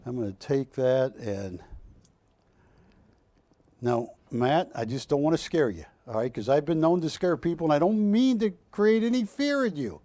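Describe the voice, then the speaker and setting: A man's voice: on the high side, lively intonation, moderate pace, warm tone, no room sound. A man hosting a live shopping channel show, chatty and joking with his crew as he sells art prints in a studio. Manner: chatty, jokey, rambling asides to crew. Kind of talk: live TV sales pitch.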